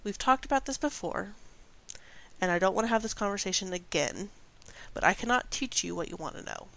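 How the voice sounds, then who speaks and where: A woman's voice: medium pitch, lively intonation, brisk, creaky, fairly bright tone, poor audio. A woman voicing a stern, annoyed headmistress sorceress in a tabletop game, speaking curtly. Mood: irritated. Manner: curt, exasperated.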